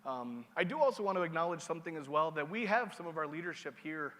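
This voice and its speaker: A man speaks as master of ceremonies at a conference, in a relaxed, joking way, often checking in with the crowd. His voice sits a bit high for a man. It rings with a long reverb from a large hall. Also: fast. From Seneca Nation. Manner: casual, joking, checks in with the audience. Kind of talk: conference opening remarks.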